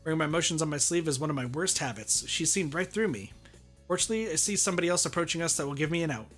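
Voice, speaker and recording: A man streaming, reading a visual novel aloud in steady first-person narration. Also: on the high side, very fast, soft background music.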